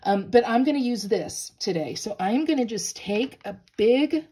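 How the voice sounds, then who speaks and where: A woman's voice: a little high, lively intonation, normal speed, mellow. A woman hosting a casual craft demonstration, playful and bubbly with self-deprecating jokes. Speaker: craft tutorial host.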